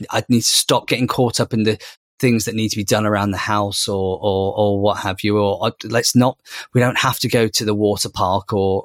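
A man's voice: on the low side, fairly bright tone, no room sound, clean studio sound. A man in his thirties, a podcast co-host, talking casually about parenting with many fillers and restarts. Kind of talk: casual conversation.

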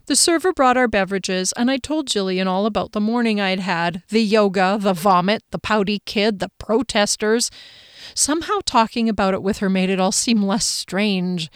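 Woman audiobook narrator, first-person story, measured, expressive, smooth, dry close sound. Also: mid-range voice, no echo.

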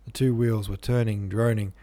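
Low-voiced man reading a classic novel. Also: level tone, normal speed, mellow. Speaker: audiobook narrator. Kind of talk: classic novel read aloud.

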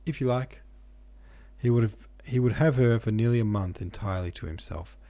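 A man narrating a classic novel as a podcast audiobook reader, steady and unhurried. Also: lowish voice.

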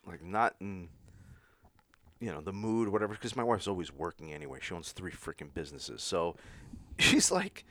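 A man telling stories in casual chat, animated, swearing and acting out quotes. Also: deep voice, normal speed, no echo. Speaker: podcast guest.

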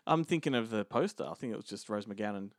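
A man co-hosting a podcast chats casually in an offhand way, laughing often. His pitch moves a lot. The sound is dry. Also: animated, quick pace, creaky, no echo. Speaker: podcast co-host. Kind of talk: casual chat.

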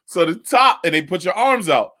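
A young man with a bright, forceful voice tells a lively, swearing-heavy story in casual chat. The sound is dry and close, with no room echo. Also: high voice, moderate pace. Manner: animated storytelling, laughs often, swears freely.

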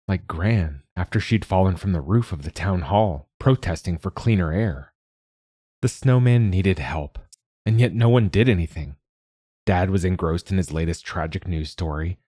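A man narrating a children's story in a measured, gentle reading. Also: low-pitched, no room sound, clean studio sound.

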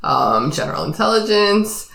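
A woman's voice: medium pitch, very animated, normal speed, vocal fry, fairly bright tone. A woman hosting a podcast in a jokey, casual way, laughing often. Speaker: podcast host. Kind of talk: casual chat. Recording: roomy echo.

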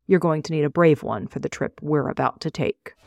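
A frail old man speaks slowly and calmly in a storybook reading, voiced by a woman. His words are plain and unhurried, the voice low and dry. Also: vocal fry, no room sound. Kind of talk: audiobook reading.

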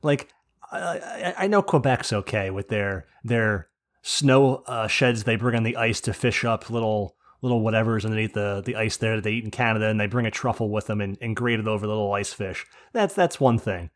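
A man's voice: fairly low pitch, brisk. A man from New Jersey co-hosting a podcast, rambling through jokey rants with plenty of swearing. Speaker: podcast co-host. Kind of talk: casual chat.

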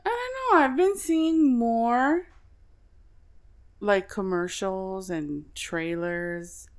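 A woman's voice: mid-range voice, drawn-out words. A woman co-hosting a podcast in casual chat, swearing freely and laughing often. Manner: swears a lot, lively storytelling, laughs often. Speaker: podcast co-host.

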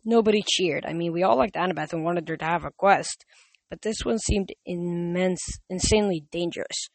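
A man's voice: high-pitched, fairly quick, no room sound. A man reading a novel aloud, often stumbling and correcting himself. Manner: frequent slips and self-corrections. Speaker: reader.

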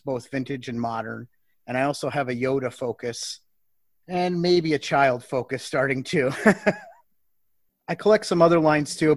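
A man's voice: medium pitch, dry recording. Guy in his 40s cohosting a podcast, upbeat, dry close mic. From Chicago area, Illinois. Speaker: podcast co-host. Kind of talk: casual podcast chat.

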